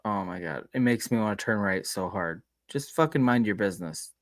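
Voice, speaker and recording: A man's voice: fairly low pitch, a little fast, no room sound. A man from Minnesota co-hosting a casual podcast, laughing often and swearing casually. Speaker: co-host.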